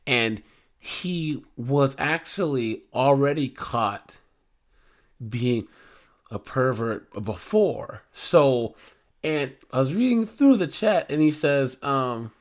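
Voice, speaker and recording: Male commentary host, casual and rambling, mid-range voice, lots of "you know" and "um". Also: medium pitch. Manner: rambling, loose, full of fillers. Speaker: true crime commentary host.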